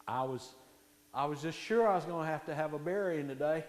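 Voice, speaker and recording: A man's voice: on the high side, fairly quick, in a large hall, close to an everyday voice. A man doing a folksy old mill owner. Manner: folksy, drawling rural speech.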